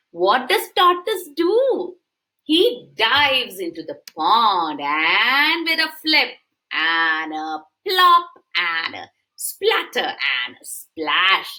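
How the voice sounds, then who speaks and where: A woman's voice: high voice, poor audio. A woman preschool teacher reading a picture book aloud to young children, often asking them questions. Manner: animated, asks the children questions.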